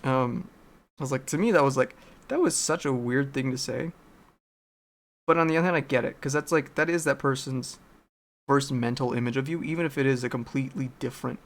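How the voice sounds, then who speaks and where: Brief: gravelly guy streaming his hobby, loose rambling chat, keeps losing his words. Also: mid-range voice, a little fast. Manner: rambling, searching for words, swears. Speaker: streamer painting a miniature. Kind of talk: casual chat while painting.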